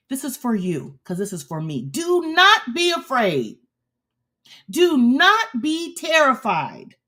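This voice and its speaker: A woman host delivering a sermon, pressing each point with firm repetition. Her voice swings widely in pitch as she goes. She takes her time, leaning on every line. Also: a bit bright. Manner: emphatic and repetitive, exhorting the listener. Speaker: preacher and show host. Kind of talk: preaching a sermon.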